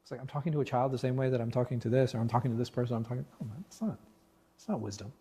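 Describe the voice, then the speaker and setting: A man leading a religious class discussion as imam, animated and full of rhetorical questions, often restarting his words. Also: mid-range voice, racing, breathy edge. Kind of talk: interactive religious class talk. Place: mosque class room.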